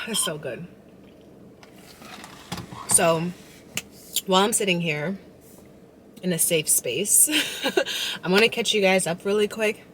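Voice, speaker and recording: A woman's voice: fairly low pitch, measured pace, pauses often. A woman chatting casually to her vlog viewers while out in her car, talking to a phone camera. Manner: chatty, animated, frustrated storytelling. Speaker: vlogger. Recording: loud road and car noise. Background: car and traffic noise.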